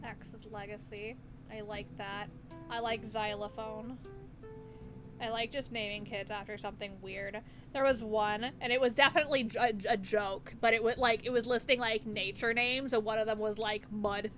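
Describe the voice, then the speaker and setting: A young woman streaming casually, giggling, bursting into loud laughter and swearing freely. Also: on the high side, fairly even intonation, normal speed. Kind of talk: casual livestream chat. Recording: music playing under the voice. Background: background music playlist.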